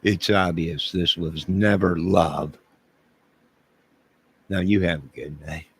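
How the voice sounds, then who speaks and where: A man's voice: sits low, fairly even intonation, slow, breathy edge. A man livestreaming, joking with his chat in a mock-indignant way and talking back to viewers.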